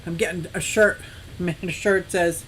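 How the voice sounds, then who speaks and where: A woman's voice: lowish voice, a little slow, a little hiss or hum. A woman in her sixties hosting a casual live stream for her fish shop, greeting viewers by name, reading comments and telling rambling stories with frequent laughs. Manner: chatty and animated, laughs often, rambling anecdotes. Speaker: livestream host of an aquarium and fish shop.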